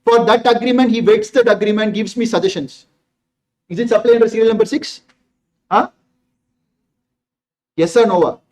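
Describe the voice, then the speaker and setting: Tamil Indian male lecturer, quick, high-pitched, drills the class with questions. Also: a little mellow. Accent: Indian English, Tamil. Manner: emphatic, repeats words, asks the class rhetorical questions. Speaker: teacher. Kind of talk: exam revision lecture.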